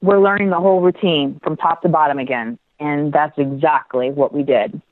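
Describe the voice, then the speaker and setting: A middle-aged woman telling a story as an interview guest, lively and animated, with quick asides and restarts. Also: sits low, dry recording. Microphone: phone. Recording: tinny dry phone line.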